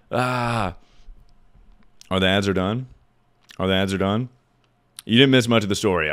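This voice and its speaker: Brief: man, 20s, deep smooth voice, loose profane storyteller chatting to a live stream. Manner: rambling, profane storyteller who laughs at his own stories.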